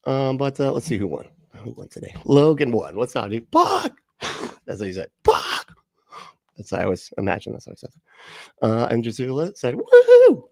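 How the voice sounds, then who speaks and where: A man's voice: lowish voice, a little mellow, no room sound, clean studio sound. A man hosting a casual livestream, rambling, joking and swearing as he chats with his viewers. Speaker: livestream host.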